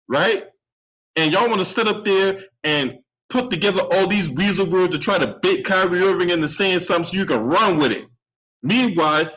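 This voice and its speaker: A man with a high-pitched voice rants angrily through a solo sports commentary. He swears freely and keeps pushing his point with a sharp "right?". His anger stays steady and heated all the way through. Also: poor audio. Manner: profane, heated, repeatedly asks "right?". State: openly angry. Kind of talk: angry solo commentary rant.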